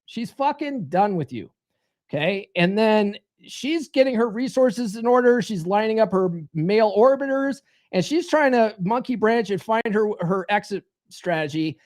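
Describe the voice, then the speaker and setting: A man's voice: sits high, animated, moderate pace, a little mellow. A man hosting a podcast as a dating coach, giving advice in a blunt monologue, swearing freely and repeating his key phrases.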